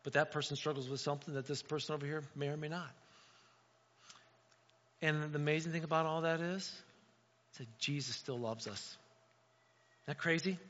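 A middle-aged pastor with a fairly high voice preaches a casual, story-driven sermon to his church, speaking a little fast and pausing often. He tells his stories in an animated, conversational way, often acting out voices in asides. Recorded in the church sanctuary, the sound is dull with long hall reverb.

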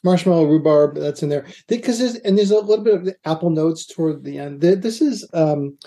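A man's voice: on the high side, brisk, dark tone. A man from Boston with a Boston accent, a distiller guest talking about whiskey in an easygoing way with short replies. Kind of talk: casual whiskey tasting chat.

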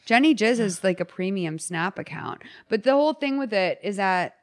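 A woman's voice: medium pitch, lively intonation, normal speed. A woman hosting a podcast, chatting casually in a blunt, frank and jokey way. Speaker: podcast host. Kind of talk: casual chat.

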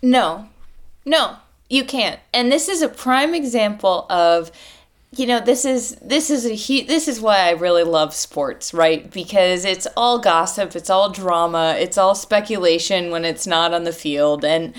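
A woman sports reporter chatting as a podcast guest, excitable and quick, often cutting herself off and restarting. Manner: excitable, quick, self-interrupting with big pitch swings. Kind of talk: casual podcast chat.

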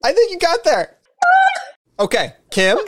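A man's voice: extremely high pitch, huge pitch swings, a little slow, no echo. A man co-hosting a podcast, upbeat as he runs a game segment. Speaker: podcast co-host. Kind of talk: casual chat.

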